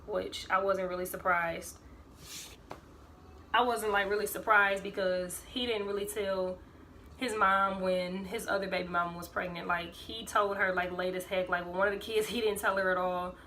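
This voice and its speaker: Chatty young woman with a bright voice. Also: mid-range voice, steady tone, normal speed, slight background noise. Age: 20s. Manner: rambling, filler-heavy, acts out quoted voices. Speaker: vlogger. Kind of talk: casual storytime vlog.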